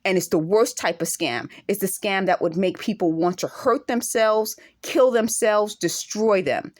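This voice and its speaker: A woman's voice: medium pitch, a little slow, darkish tone. A woman with an accent speaks to camera in an indignant vlog monologue, firing off emphatic rhetorical questions. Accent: speaks with an accent of her own. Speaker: vlogger.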